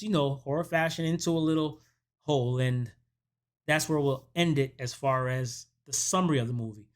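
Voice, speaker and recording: Man casually recapping a horror film. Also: on the high side. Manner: animated storytelling that acts out quoted dialogue. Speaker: movie review channel host.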